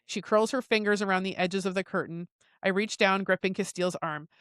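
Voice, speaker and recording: Woman, book podcast host, reading passages aloud, stumbles and corrects herself, loud high reactions, dry close sound, middle pitch. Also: fairly even intonation, a little fast, clear, resonant tone, no echo. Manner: reads long quotes with stumbles and self-corrections.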